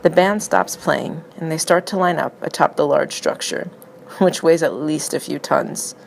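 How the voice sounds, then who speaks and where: A woman reading a personal narrative essay aloud in a wry, excitable storytelling manner. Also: sits low, normal speed, creaky, a little hiss or hum, low-quality recording.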